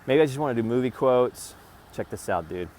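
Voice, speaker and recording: A man's voice: medium pitch, lively intonation, moderate pace, darkish tone, slight background noise. A man rambling and swearing in a casual vlog, talking to his phone camera from a parked vehicle. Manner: rambling, profane, talks to camera in bursts. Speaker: vlogger.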